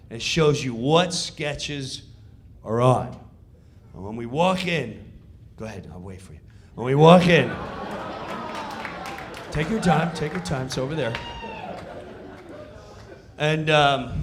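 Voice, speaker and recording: A man telling a comic backstage story, excited and theatrical, acting out the scenes as he goes. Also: a little high, slight background noise. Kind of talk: animated comedic storytelling.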